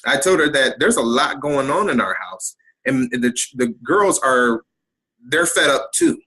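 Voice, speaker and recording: A middle-aged man, a guest on an interview podcast, telling a personal story in an animated way and acting out the people in it. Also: mid-range voice, measured pace, husky, rough recording.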